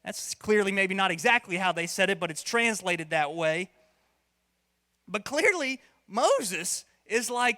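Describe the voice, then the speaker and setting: Bright-voiced pastor preaching in an echoey hall. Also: male voice, high-pitched, animated, normal speed. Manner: conversational, playful, acts out voices. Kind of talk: sermon. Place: church hall.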